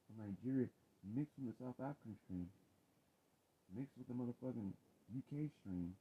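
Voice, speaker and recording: A man's voice: mid-range voice, moderate pace, long pauses, breathy edge. A man ranting angrily and rambling, with heavy profanity, in a video blog. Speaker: video blogger. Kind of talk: angry ranting monologue. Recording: tinny phone-like audio with faint noise.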